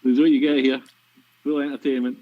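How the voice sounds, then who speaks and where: A man's voice: medium pitch, level tone, fast talker. A man with a Scottish accent commentating on a pool match, dry and teasing as he explains shots. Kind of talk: live sports commentary with banter. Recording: lo-fi stream audio.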